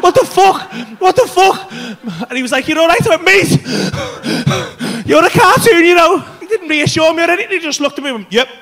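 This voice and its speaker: High-voiced English stand-up comedian. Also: male voice. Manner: animated, swearing, acts out both sides of a story. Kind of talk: stand-up storytelling. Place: comedy club stage.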